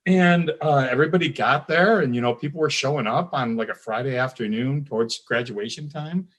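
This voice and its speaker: A man's voice: mid-range voice, fairly quick, few pauses, a bit bright. Guest: man in his fifties, chatty reminiscing storyteller, loose and rambling. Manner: rambling storyteller, many ums and restarts. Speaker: alumni guest. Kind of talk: casual reminiscing.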